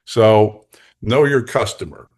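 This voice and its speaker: Older man, lowish voice, animated storyteller. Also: takes it slowly. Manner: animated, jokey, laughs between lines. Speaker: guest, executive coach. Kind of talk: anecdotal storytelling in a podcast interview.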